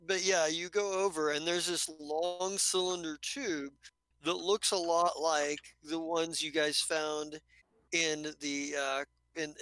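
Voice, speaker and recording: A man runs a tabletop game, his narration halting and full of restarts. His voice sits a little high and bright, and the sound is dry and close. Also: smooth, no room sound, poor audio. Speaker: game master.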